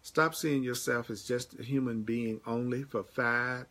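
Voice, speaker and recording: A man's voice: mid-range voice, fairly even intonation, measured pace, few pauses, sharp tone. A man giving a live-streamed spiritual teaching, emphatic and repetitive, answering viewer comments by name. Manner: repetitive, emphatic, repeats key phrases.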